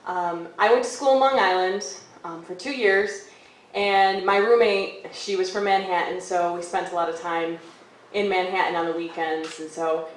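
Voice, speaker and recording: A young woman telling a story on stage at a café, casual and lively, acting out quoted lines with hushed asides. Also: fairly low pitch, normal speed, slight background noise. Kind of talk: live storytelling. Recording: echoey live room from far off.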